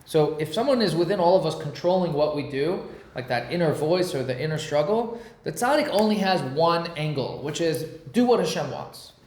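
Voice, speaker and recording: A man teaching a casual Torah class, lively and slangy, explaining ideas through pop-culture comparisons. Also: a little high, moderate pace, reverberant, a little hiss or hum.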